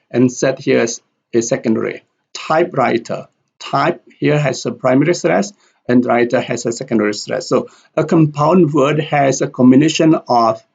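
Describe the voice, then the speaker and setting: A man teaching English pronunciation in a slow lesson, carefully repeating example words. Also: medium pitch, creaky, darkish tone, husky, dull audio.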